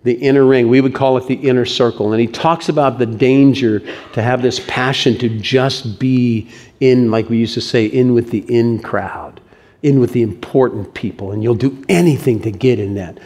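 A man preaching a sermon, animated, swinging between raised emphasis and hushed delivery. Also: mid-range voice, normal speed. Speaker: pastor.

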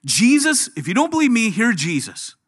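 A middle-aged man preaching a sermon, animated, dropping his voice low and soft when he quotes. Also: moderate pace, husky. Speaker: pastor.

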